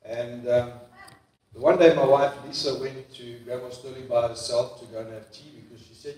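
Male memorial host, halting and gentle, distant in a booming church hall. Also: steady tone. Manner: halting, soft-spoken, many fillers. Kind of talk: speaking at a memorial service. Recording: echoey church hall, voice from far off.

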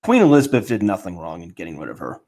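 A man's voice: sits low, big pitch swings, rapid-fire, darkish tone, husky. An American man co-hosting a podcast who explains things bluntly and casually, with some profanity. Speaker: podcast co-host. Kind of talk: casual chat.

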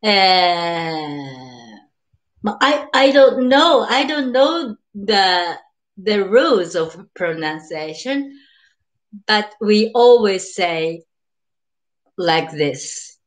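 An older woman speaks in careful, slow English with a Japanese accent. Her voice sits at an ordinary pitch. She repeats each word patiently for her beginner students. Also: animated. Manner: slow and patient, repeats words, laughs often, greets viewers. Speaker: Japanese teacher. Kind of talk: live-streamed beginner language lesson.

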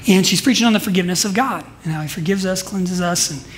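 A man preaching a sermon in a church service, telling stories emphatically and swinging between soft asides and loud declarations. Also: sits high, fast talker, slight background noise. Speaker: pastor.

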